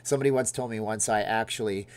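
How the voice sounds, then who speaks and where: A man's voice: fairly low pitch, fairly even intonation, fast talker. A middle-aged man hosting a casual livestream, rambling and joking as he reacts aloud to viewer comments. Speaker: livestream host reading chat.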